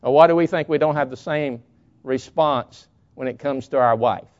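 This man delivers a sermon emphatically, illustrating his points by acting out brief quotes. He speaks at normal speed in a medium-pitched, slightly mellow voice, captured in dull lo-fi audio.

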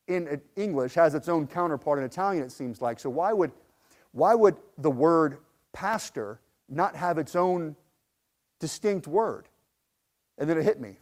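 A man with a high voice preaches a sermon, telling a personal story. He pushes hard on his key lines, then drops to a soft, low register, often stumbling over and repeating his words. He sounds like a pastor speaking from the heart. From United States. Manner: earnest, builds to emphatic peaks, then drops low and soft; frequent restarts and repeated words.

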